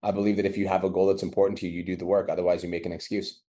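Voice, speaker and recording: A man's voice: low-pitched, little pitch movement, rapid-fire, dark tone. A man running a coaching call, blunt and profane, acting out little exchanges as he talks. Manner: blunt, profane, acts out dialogue. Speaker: business coach.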